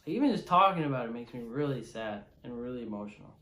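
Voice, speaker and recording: Excitable man in an echoey room. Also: mid-range voice, fairly quick. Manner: excitable, emotional, lots of fillers. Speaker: film reviewer. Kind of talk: casual movie review.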